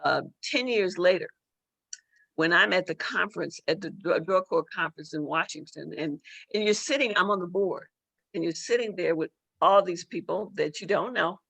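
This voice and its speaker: A middle-aged woman tells a personal story as a guest on a talk show, and her voice has a gravelly, bright edge. She repeats words and restarts as she talks. The sound is dry and close. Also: fairly low pitch, moderate pace, dry recording. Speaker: judge and author, guest.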